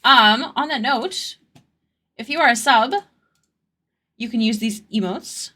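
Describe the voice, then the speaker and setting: A woman's voice: a little high, slow pace, pushed and bright. A woman chatting casually on her art live stream, thanking viewers and answering chat, with an occasional stutter. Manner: stutters at times.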